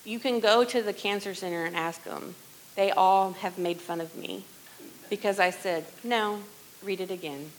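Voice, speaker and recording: A middle-aged woman sharing a personal testimony in church, earnest and conversational, often dropping to a hushed voice. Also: mid-range voice, steady tone, moderate pace, slight background noise, low-quality recording. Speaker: worship leader sharing testimony.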